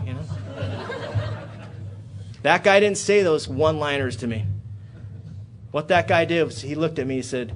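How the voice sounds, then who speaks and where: An AA speaker at a convention in a hotel room recounts his recovery at a moderate pace, pausing often, over a little hiss or hum. He curses freely and dramatizes the story, veering from loud bursts of excitement to low, quiet passages.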